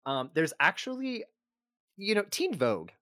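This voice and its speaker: Man, podcast co-host, rambling, self-deprecating, animated pitch, dry mic. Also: moderate pace, no echo. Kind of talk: casual podcast chat.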